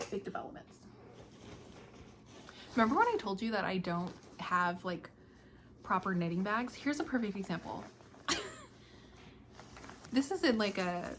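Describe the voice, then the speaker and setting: A woman's voice: medium pitch, fairly bright tone, a little hiss or hum. A young woman hosting a casual podcast, chatting about her projects in a chatty, self-deprecating way and laughing often. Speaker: podcast host.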